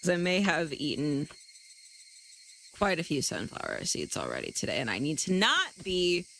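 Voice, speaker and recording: A woman's voice: deep voice, huge pitch swings, normal speed, a bit bright, slight background noise, low-quality recording. A woman streamer chatting casually with her live audience, rambling and self-deprecating, swearing often. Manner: chats directly to her viewers.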